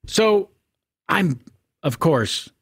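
A man's voice: a little high, sing-song, extremely slow, a bit bright, breathy edge, dry recording, clean studio sound. A man, an actor guest, telling a comic anecdote in punchy, clipped sentences.

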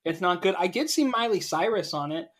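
Young co-host, casual chat, animated and emphatic, mid-pitched voice. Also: brisk. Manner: animated, argues emphatically with big pitch jumps. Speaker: podcast co-host.

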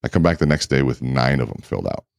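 A man guest in a casual interview, telling lively anecdotes full of quoted dialogue. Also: extremely low pitch, quick pace, creaky, no echo, studio quality. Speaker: keynote speaker and guest.

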